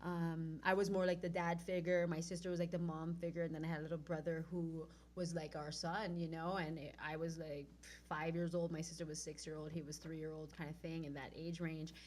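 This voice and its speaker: A woman from Oahu with a Hawaiian accent, a guest telling a personal story in an animated way and acting out what she said back then, from loud to hushed. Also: deep voice, a little fast. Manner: acts out her own past lines, swinging from loud to hushed.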